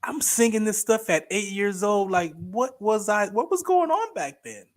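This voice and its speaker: A man in his thirties chatting casually as a guest co-host, telling stories with lively acted-out quotes. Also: high-pitched, normal speed. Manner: animated storyteller, acts out quoted voices. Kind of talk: casual chat.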